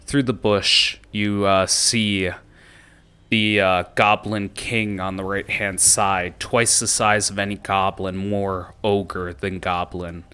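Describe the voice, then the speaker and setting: A man narrating a tabletop game as game master, describing scenes at a relaxed pace with frequent filler pauses. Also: low voice, clean tone.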